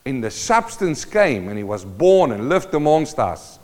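A man's voice: mid-range voice, very animated, unhurried, darkish tone. A man preaching a sermon, quoting scripture and building emphatically in intensity. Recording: long reverb of a large hall.

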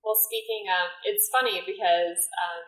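A woman's voice: mid-range voice, fairly even intonation, moderate pace, fairly bright tone, reverberant, low-quality recording. A woman co-hosting a casual film review chat, talking in a chatty way with lots of fillers. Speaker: podcast co-host.

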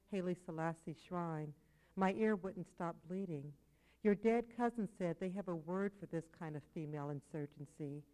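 Woman poet reading in a low, measured voice. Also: mellow, low-quality recording. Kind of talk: live poetry reading. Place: poetry venue with audience.

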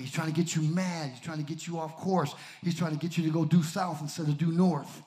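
A man preaching a sermon, swinging from shouts to near whispers and calling out to the congregation. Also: on the high side.

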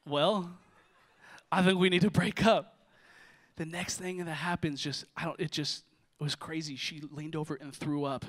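A man's voice: fairly high pitch, moderate pace. A young adult man preaching a sermon to a church congregation, telling funny stories before turning to scripture. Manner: lively, joking storyteller who shifts to preaching. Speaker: pastor. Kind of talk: sermon with storytelling.

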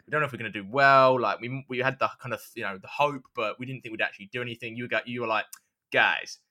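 English male host, rapid delivery, bright forward tone; friendly, easy laughter. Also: mid-range voice, steady tone. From England. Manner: friendly, laughs often, quick interviewer. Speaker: podcast host. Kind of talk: casual chat.

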